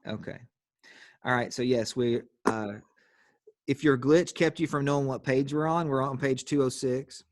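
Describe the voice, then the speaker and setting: A man's voice: medium pitch, moderate pace, no room sound, clean studio sound. A man teaching an online grammar class on a video call, explaining patiently step by step and calling on students.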